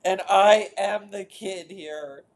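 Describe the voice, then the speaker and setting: A woman's voice: mid-range voice, takes it slowly, a little mellow. A woman voicing her own upset little inner girl, who insistently demands her mother and father. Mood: demanding.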